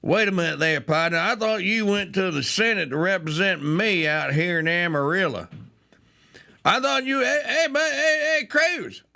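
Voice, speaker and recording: Man doing a loud high drawling heckler, hollering hey over and over. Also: expressive, normal speed, gravelly, exaggerated voice. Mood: heckling. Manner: hollering, repeated calls of hey. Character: rowdy rural Texan man heckling a senator.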